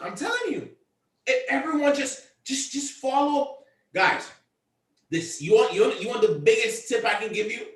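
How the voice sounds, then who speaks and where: His voice sits high and fairly bright, echoing from a distance on the recording. Leading a convention call, the team leader gives a pep talk that drives points home through repetition and frequent raised-voice emphasis.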